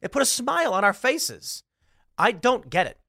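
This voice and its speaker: A male commentator speaks in a high, bright voice and sounds animated. He often laughs while he reads. The sound is dry and close to the mic. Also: moderate pace, creaky, no echo. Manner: animated, laughs while reading jokes aloud. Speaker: host. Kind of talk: political commentary.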